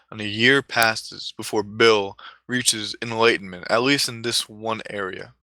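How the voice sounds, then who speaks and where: A man tells a mock-epic comedy story with grave, drawn-out phrasing and frequent self-corrections. His voice is bright and forceful, sitting a bit low. The recording is dry and close. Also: dry recording, low-quality recording. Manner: rambling mock-solemn narration with self-corrections.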